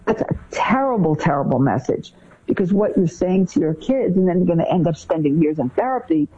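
A woman talks through parenting advice with a lively, swooping delivery and a mellow, husky tone. She acts out common parent phrases as she goes. The recording sounds a little dull and lo-fi. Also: fairly low pitch, a little fast. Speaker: co-host giving parenting advice. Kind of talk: conversational advice talk.

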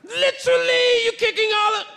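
A man voicing an irate British male security guard who yells in shrill, scolding bursts. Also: flat delivery, slow, gravelly, heavily acted.

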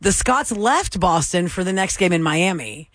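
A man's voice: high-pitched, expressive, normal speed, a bit bright, no echo, studio quality. A man hosting a morning radio show, chatting casually and jumping between topics. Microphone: studio microphone.

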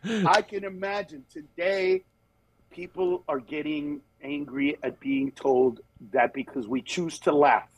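A man's voice: measured pace, gravelly, husky, poor audio. A man who works as a comedian, telling stories in a candid conversation and acting out the people in them. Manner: animated storyteller, acts out voices with big pitch jumps. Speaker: comedian guest.

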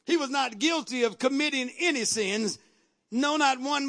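A man preaching a sermon with emphatic repetition and sudden shouted lines. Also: extremely high pitch, normal speed. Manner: emphatic, repeats phrases, bursts into shouts.

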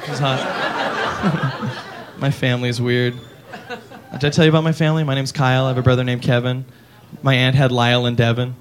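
A man doing a stand-up comedy set, animated and slipping into character voices. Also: noisy background. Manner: animated, jumps into high-pitched character voices.

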